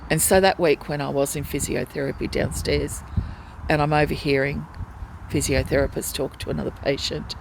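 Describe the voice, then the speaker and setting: A woman's voice: sits low, fairly even intonation, moderate pace, gravelly, a little hiss or hum, poor audio. A woman speaking in a personal video diary from a hospital ward, retelling in a distressed, pleading way how she has been treated. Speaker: hospital patient vlogger.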